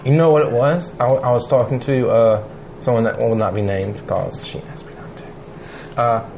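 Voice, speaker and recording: A man with a medium-pitched, creaky voice co-hosts a casual podcast chat at a moderate pace with fairly even intonation. He's silly and jokey, slipping into playful quoted voices, and the audio is dull and lo-fi with faint noise.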